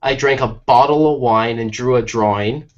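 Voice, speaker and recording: An American man co-hosting a podcast, telling jokey stories in a lively, casual way while tired from little sleep. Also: medium pitch, moderate pace, highs cut off. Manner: animated, jokey storytelling. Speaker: podcast co-host. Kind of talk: casual chat.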